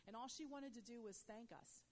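A woman telling a faith testimony as a guest, in a conversational style full of "you know", rising loud and high when excited. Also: a little fast. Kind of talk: animated faith testimony storytelling.

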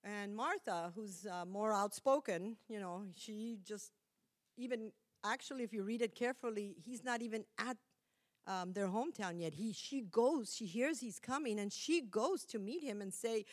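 A middle-aged woman gives a sermon in an easy, conversational way. She corrects herself mid-sentence and laughs at her own slips. Her voice sits at a medium pitch. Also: moderate pace. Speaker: preacher.

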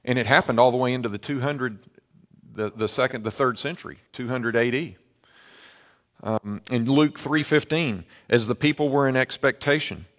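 A man preaching a sermon, emphatic, with sharp swings between loud and quiet. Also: medium pitch, lo-fi sound. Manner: emphatic preaching with dramatic shifts in loudness. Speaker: pastor.

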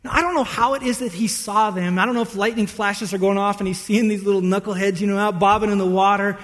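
A man preaching a sermon as a pastor, telling the story with animated, playful energy and acting out the disciples' voices. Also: high-pitched, fast talker. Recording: long hall reverb.

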